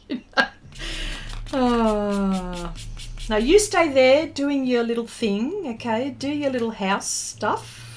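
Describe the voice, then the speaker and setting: A woman with a fairly high voice chats at an unhurried pace as she hosts a live art session. She reads out her viewers' comments and answers them in a playful, self-teasing way, talking casually while she works. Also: animated, darkish tone. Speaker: art livestream host.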